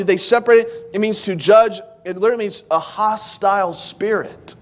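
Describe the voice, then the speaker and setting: A man's voice: sits high, normal speed, hardly any pauses. A man in his thirties preaching a sermon in church, telling the story with animation and acting out the voices of the people he quotes. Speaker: pastor.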